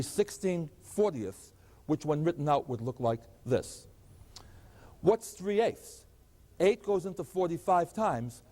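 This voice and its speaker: A man with a slightly mellow, high-sitting voice gives a mathematics lecture, walking through the material step by step and tossing rhetorical questions at the class. Long hall reverb colors the recording.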